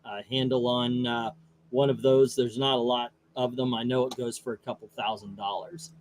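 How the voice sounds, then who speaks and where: A man's voice: mid-range voice, little pitch movement, normal speed, a little hiss or hum. A man hosting a comic book channel who chats casually in a rambling, folksy way and grumbles at his screen between readings.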